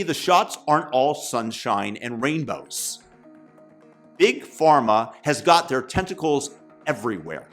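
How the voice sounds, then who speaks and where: A man rants through a satirical commentary in a mocking, sarcastic tone. His voice sits a little high and swings widely in pitch. He takes his time, drawing out each jab. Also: a bit bright. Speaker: commentary host.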